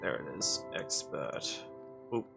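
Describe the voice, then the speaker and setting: A man's voice: rumbling low, big pitch swings, slow, gravelly, music in the background. Giggly young man streaming a game. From Canada. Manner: giggly, swears freely, laughs often. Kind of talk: casual gameplay commentary.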